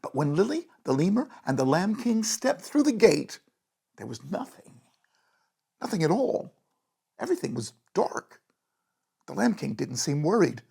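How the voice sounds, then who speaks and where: A storyteller reading a bedtime story aloud in a gentle, animated way, with a gravelly, breathy voice. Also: mid-range voice, unhurried, long pauses.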